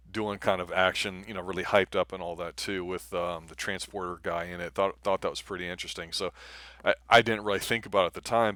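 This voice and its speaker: Deep-voiced easygoing man. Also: sharp tone, no echo. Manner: easygoing, laughs along. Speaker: movie review show host. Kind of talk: casual live-stream chat.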